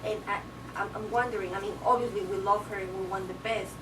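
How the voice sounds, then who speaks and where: A woman in the audience, asking her question haltingly and starting over as she looks for words. She is picked up from afar, with a noisy background. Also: medium pitch, steady tone. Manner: hesitant, searching for words. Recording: distant mic, noisy room.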